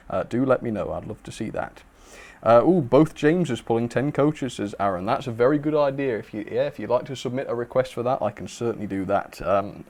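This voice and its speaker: A young man hosts a casual livestream in a mid-pitched, easygoing voice. He rambles warmly through viewer comments, with plenty of "uh"s and little laughs. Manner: chatty, reads viewer comments aloud, frequent fillers and laughs. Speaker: livestream host. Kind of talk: casual live chat.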